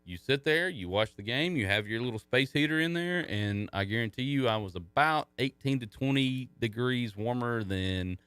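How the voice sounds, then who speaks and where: A middle-aged man co-hosting a sports talk show, loose and chatty, with jokes often at his own expense. His voice sits at an ordinary pitch and sounds dry and close, with no room around it. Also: lively intonation, normal speed, hardly any pauses, a bit bright, clean tone, dry recording. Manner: chatty, self-mocking, rambling storyteller; jokey banter. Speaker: co-host of a youth sports radio show. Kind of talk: casual radio chat.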